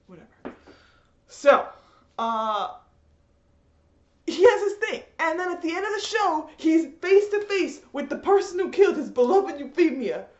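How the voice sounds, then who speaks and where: Exasperated high-voiced young woman ranting. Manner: exasperated, animated, laughing. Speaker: vlogger. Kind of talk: ranting vlog. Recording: echoey room, slightly dull.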